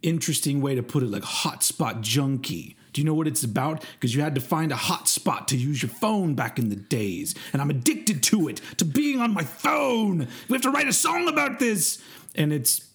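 A man co-hosting a music podcast, ranting in an animated, exasperated way about songs he dislikes. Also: on the high side, normal speed, hardly any pauses. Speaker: podcast co-host. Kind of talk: casual music review chat.

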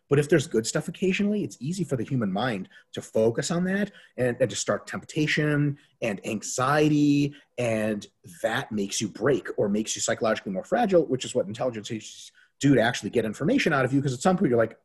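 A man's voice: medium pitch, fast talker, slightly rough. A man talking casually as a diet coach, swearing freely and acting out quoted voices as he tells stories. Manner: profane, animated storytelling with quoted voices. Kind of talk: casual podcast talk.

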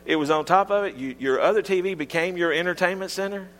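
Middle-aged male pastor, folksy comic sermon delivery, higher-pitched voice. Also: quick pace, in a large hall. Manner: folksy, humorous storytelling with lively pitch swings.

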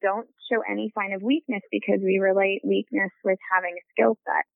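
A woman's voice: mid-range voice, steady tone, brisk, vocal fry, no echo. A woman working in construction safety, answering interview questions in an earnest, reflective way. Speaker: safety professional in construction, guest. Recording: dry tinny phone-like line.

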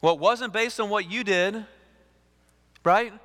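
Bright-voiced pastor in a hall. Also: male voice, sits high, a little slow. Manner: animated, repeats words, acts out dialogue. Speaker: lead pastor. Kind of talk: sermon. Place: church sanctuary. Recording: reverberant church hall.

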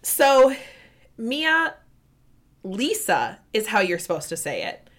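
A woman co-hosting a casual chat, talking in an emphatic, animated, ranting way. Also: fairly high pitch, measured pace.

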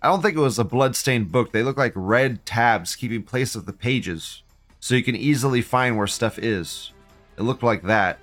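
Soft background music plays as a man hosting a live stream rants profanely and agitatedly while reading chat, firing off question after question. His voice is medium-pitched and fairly bright, at a normal speed.

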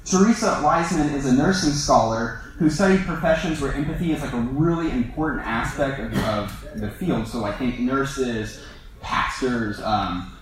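A man's voice: medium pitch, moderate pace. A man preaching a sermon in a loose, conversational way, full of fillers and self-deprecating asides. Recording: echoey room, voice from far off.

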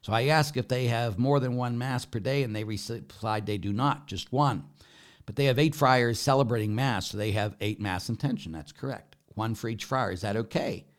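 A man's voice: medium pitch, normal speed. A middle-aged man, a priest, reading out viewer questions and answering each one in a plain, direct way during a live talk.

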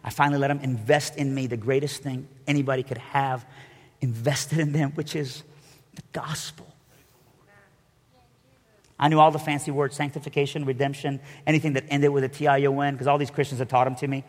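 Animated male preacher in a reverberant hall. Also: mid-range voice, fast talker. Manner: storytelling, animated, acts out quoted voices. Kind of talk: sermon.

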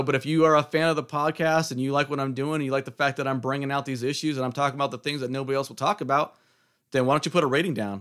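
A man's voice: medium pitch, fairly bright tone, smooth. A middle-aged man hosting a solo podcast, taunting and challenging his listeners in a combative monologue. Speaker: podcast host.

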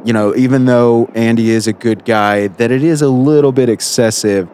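A man's voice: medium pitch, fairly even intonation, moderate pace, darkish tone, slight background noise. A man hosting a radio call-in show, mediating between callers in an easygoing, hesitant way. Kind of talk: casual talk radio.

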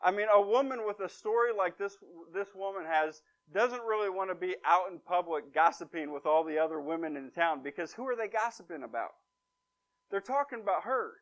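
A man's voice: sits high, fairly bright tone. A man preaching a conversational sermon, retelling a story with wry, emphatic asides. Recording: dull lo-fi recording.

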